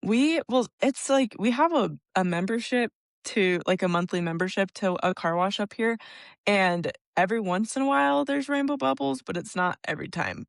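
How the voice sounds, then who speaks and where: A woman's voice: medium pitch, animated, normal speed, creaky, no echo, studio quality. A young woman co-hosting a podcast, chatting casually, giggling often and filling her speech with "like.". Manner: giggly, laughs often, many fillers. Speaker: podcast co-host.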